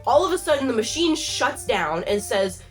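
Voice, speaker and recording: Young woman vlogger, a bit high-pitched, exasperated comic rant full of "like", faint music underneath. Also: moderate pace. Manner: exasperated, animated, heavy use of "like". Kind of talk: comedic storytime rant.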